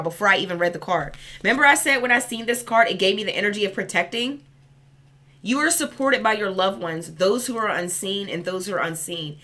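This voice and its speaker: A woman's voice: medium pitch, sharp tone. A young woman giving a casual spiritual card reading, chatty and rambling, with a loose, cursing, heartfelt manner. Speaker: spiritual reader.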